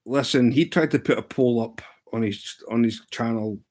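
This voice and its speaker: A man's voice: medium pitch, normal speed. A man hosting a casual live chat stream. He tells a story with energy and acts out what others said. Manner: animated anecdote-telling, acting out what others said.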